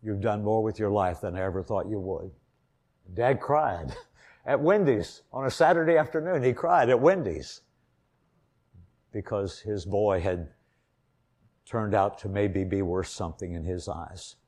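An older man from Indiana preaching an earnest sermon, telling a personal story and swelling louder on key points. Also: on the low side, a little slow.

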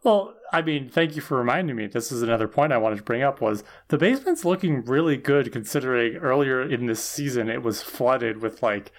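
A man's voice: mid-range voice, animated, a little fast, hardly any pauses. A man co-hosting a podcast, talking about an episode in an earnest, analytical way. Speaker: podcast co-host. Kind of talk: casual discussion.

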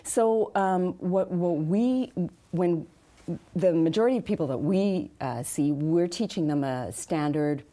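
This woman, a speech and accent coach, responds to interview questions practically and deliberately, with plenty of fillers. She speaks in a fairly low, mellow voice.

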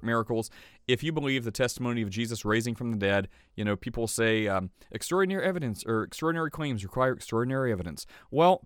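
A man's voice: mid-range voice, a bit bright, dry recording. Male podcast host, casual rambling delivery, mid-range voice, dry close sound. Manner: chatty, rambling, gets worked up.

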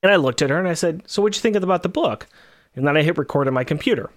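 A man in his thirties co-hosting a podcast, explaining things at length in casual chat with quick restarts. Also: fairly high pitch, lively intonation, no room sound, clean studio sound. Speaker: podcast co-host.

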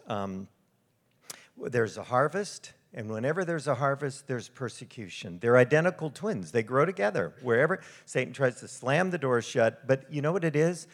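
A middle-aged man preaches from the front of the room, at an ordinary mid pitch. He tells his stories in an animated, conversational way as he moves through his slides. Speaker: missionary ministry speaker. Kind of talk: storytelling sermon with slides.

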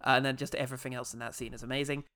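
A man's voice: medium pitch, level tone, very fast, crowd noise. A man co-hosting a podcast, casually reviewing a film, listing his favourite moments and chuckling often. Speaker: podcast co-host.

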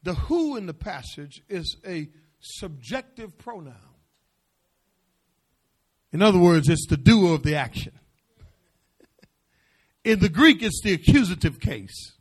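A middle-aged male pastor preaching a sermon, repeating phrases and swinging from hushed asides to shouted declarations. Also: sits high, big pitch swings, slow pace, pauses often, slightly rough.

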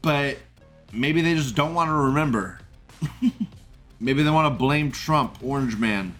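A man's voice: medium pitch, measured pace, a bit bright, soft background music. A man hosting a live stream, reading chat comments aloud and commenting in a rambling, indignant way, swearing and laughing often.

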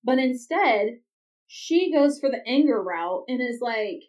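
A woman's voice: fairly high pitch, animated, takes it slowly, darkish tone. A woman hosting a podcast, recapping a TV episode in casual chat with chatty, exasperated asides. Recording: dull, slightly distant lo-fi recording.

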